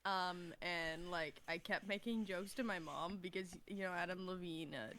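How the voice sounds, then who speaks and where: A woman co-hosts a casual podcast, rambling, laughing and swearing as she reads aloud from an old notebook. Her voice is fairly low and a bit bright at normal speed, with slight background noise.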